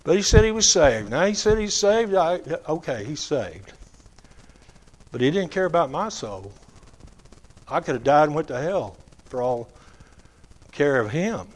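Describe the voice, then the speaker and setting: A man's voice: a little high, very animated. Folksy man preaching his testimony. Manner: folksy storytelling with drawn-out emphasis; quotes others in acted voices. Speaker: lay preacher giving testimony. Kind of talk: testimony sermon.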